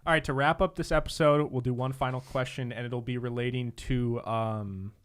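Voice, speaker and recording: A young man hosting a casual podcast, reading listener questions and teasing his co-host in a relaxed way. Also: medium pitch, moderate pace, smooth. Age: young adult. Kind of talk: casual chat.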